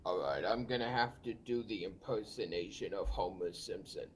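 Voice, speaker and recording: A man making a homemade video, talking to camera slowly and haltingly. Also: on the low side, a little hiss or hum. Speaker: video creator.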